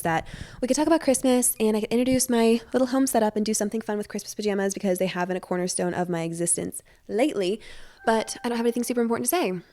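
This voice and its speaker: Fast-talking young woman podcast host. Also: mid-range voice, a little mellow. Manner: fast-talking, rambling and self-deprecating. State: stuffy nose. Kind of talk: casual solo podcast chat. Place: at home.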